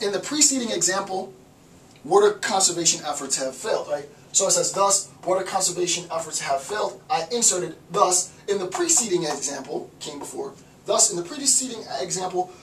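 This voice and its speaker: A man's voice: a little high, roomy sound, far from the mic, slight background noise, low-quality recording. A man giving a recorded lecture, explaining his writing step by step with digressions and self-corrections.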